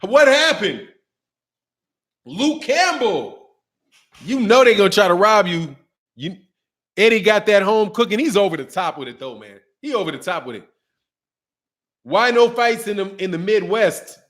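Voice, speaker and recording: A man's voice: high voice, animated, moderate pace, a bit bright. A man hosting a boxing channel, chatting casually on a livestream. He talks in slang, laughs often and rambles. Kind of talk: casual livestream chat reading super chats.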